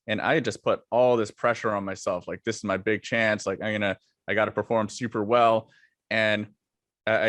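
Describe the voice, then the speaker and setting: A man guest on a podcast, telling his own story in a relaxed, reflective way with plenty of "like" fillers. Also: on the low side, dry recording. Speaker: podcast guest, former longboard racer. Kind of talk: casual interview talk.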